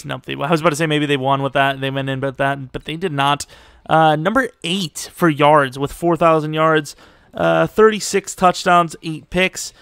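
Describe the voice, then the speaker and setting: A young man talks through a football game in a chatty, joking way, reacting quickly to what he sees. His voice is smooth and fairly high for a man. The sound is close and dry. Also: a bit bright, dry recording. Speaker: gaming commentator. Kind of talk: casual gameplay commentary.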